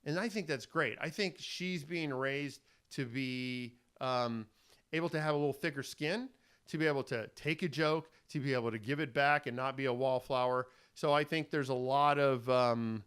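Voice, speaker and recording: A middle-aged man talks through self-help advice in a casual monologue. His voice is smooth and resonant at a middle pitch. He rambles a little, earnest and fatherly. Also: moderate pace, a bit bright. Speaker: host.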